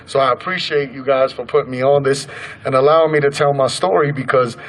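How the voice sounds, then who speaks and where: A man in his thirties speaks to a crowd, telling his own story. His voice sits in a middle pitch, and his manner is earnest and conversational. He slips into the voices of the people in his story as he goes. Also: fairly even intonation, brisk, poor audio. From Colorado, USA. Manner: earnest, conversational, acts out quoted dialogue. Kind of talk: personal storytelling speech. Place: protest gathering outdoors.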